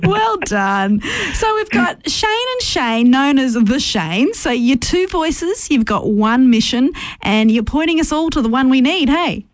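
A woman's voice: high voice, very animated, a little slow, dry recording. A woman co-hosting a radio interview, chatting in a giggly way. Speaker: radio co-host.

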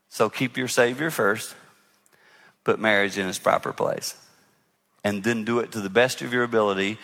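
A man speaks earnestly to a live audience, preaching in a plain, conversational way. His voice is bright and forceful, and a long hall reverb trails each phrase. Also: medium pitch. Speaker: guest speaker on marriage. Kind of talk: sermon-style talk to a live audience.

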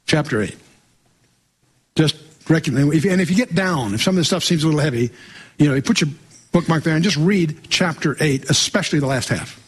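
A man with a somewhat high, husky voice leads a verse-by-verse Bible study. He reads scripture aloud in full, then comments with dry asides and quick questions to his listeners. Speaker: Bible teacher.

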